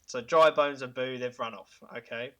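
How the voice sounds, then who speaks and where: A man hosting a podcast, pitching ideas in casual chat, enthusiastic and chuckling, with halting fillers. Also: a bit bright. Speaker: podcast host.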